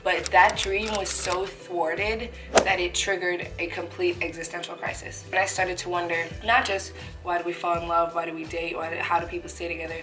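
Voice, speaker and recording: A young woman vlogger from Canada telling a personal story in a candid, chatty way while eating, with playful asides and the odd swear word. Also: lowish voice. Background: background music.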